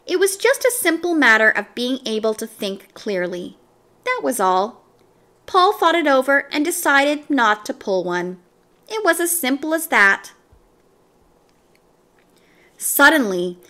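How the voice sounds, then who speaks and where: Slow, bright-voiced woman storyteller. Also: sits high. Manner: slow, expressive. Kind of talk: children's book read-aloud.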